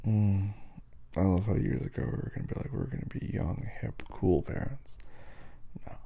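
A tired man in a whispered role-play as a husband and father, talking softly and affectionately to his partner at bedtime. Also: on the low side, quick pace, creaky, slightly rough. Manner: soft, sleepy and affectionate, calls the listener baby.

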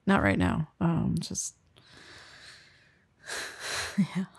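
A young woman's breathy, husky whisper in a close-miked whispered role-play, slow and unhurried. Her low, mellow tone carries a gravelly edge as she teases and commands with soft laughs. The sound is dry and intimate, with no room around it. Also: big pitch swings, dry recording. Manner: turns gentle and reassuring later. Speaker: audio role-play performer.

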